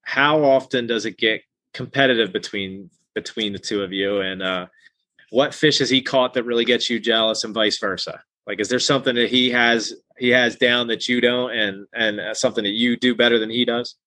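A man's voice: mid-range voice, fairly even intonation, normal speed, pushed and bright, dry recording. A man in his thirties hosting a casual fishing interview, easygoing and telling stories with restarts. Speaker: podcast host.

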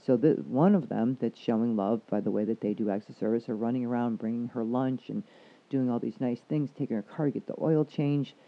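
A man who works as a counselor chats casually and frankly, swearing freely while he explains things. His mid-range voice moves fairly quickly. The recording is dull and lo-fi.

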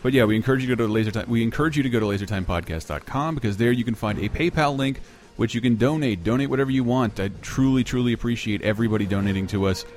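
A man's voice: medium pitch, racing, darkish tone. An American man hosting a podcast, chatting casually and cursing while he jokes around. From United States. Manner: profane, joking, slips into silly voices. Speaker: podcast host.

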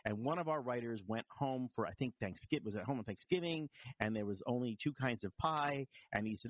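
A man's voice: medium pitch, fairly quick, slight background noise. A man co-hosting a podcast, telling a long anecdote in casual chat with many restarts and a dry tone. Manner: rambling, restarts, dry storytelling. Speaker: podcast co-host and commentator.

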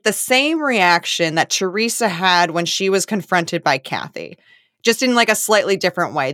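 Brief: woman podcast co-host, lively swooping pitch, dry close studio sound, casual and animated. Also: dry recording. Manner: animated, swoops up high when quoting others. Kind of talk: casual recap chat.

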